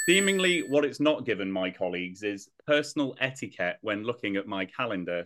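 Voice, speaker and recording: Man, low voice, sardonic, aggrieved griping, podcast panel. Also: heavy background noise. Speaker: panel guest. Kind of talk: casual podcast panel chat.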